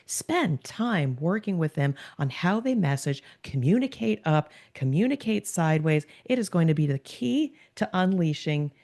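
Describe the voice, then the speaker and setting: Low-voiced woman podcast host. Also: animated, normal speed, few pauses, darkish tone. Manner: emphatic, advice-giving. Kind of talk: podcast interview.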